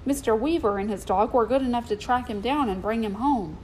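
A woman's voice: a little high, fairly quick, darkish tone, slight background noise, close to an everyday voice, poor audio. A woman voicing a kindly circus clown man in a storybook reading, easygoing and reassuring.

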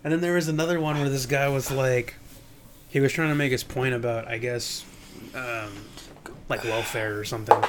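A young man co-hosting a podcast, chatting casually and rambling through stories, sometimes jumping into high mocking voices. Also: steady tone, normal speed, slight background noise. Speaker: podcast co-host. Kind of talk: casual chat.

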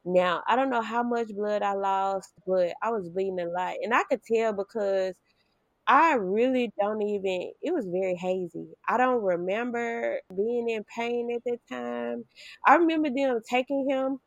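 A young woman telling her birth story casually, with lively, expressive delivery that jumps up high when she quotes herself. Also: measured pace, dry recording, highs cut off.

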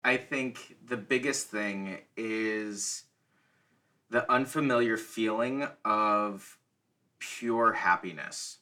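A man's voice: on the low side, very slow, bright, forceful tone. A man speaking as a guest in a casual conversation, talking sincerely and plainly.

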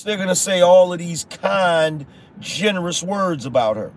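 A man's voice: high-pitched, animated, unhurried, slight background noise. A man hosting an opinion podcast, talking bluntly in casual slang with emphatic rhetorical questions. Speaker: podcast host. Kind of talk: conservative opinion commentary.

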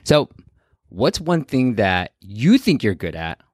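A man's voice: mid-range voice, very animated, slow pace, husky, no room sound, clean studio sound. A man hosting a podcast, telling a family story in a playful way and laughing easily. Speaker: podcast host. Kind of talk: casual podcast chat.

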